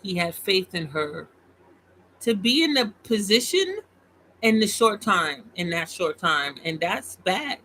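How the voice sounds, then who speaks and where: A host giving casual, opinionated commentary on politics, animated and mocking. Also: female voice, mid-range voice, a little slow, a little hiss or hum, poor audio. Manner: opinionated, animated, mocks voices. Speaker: commentary vlogger.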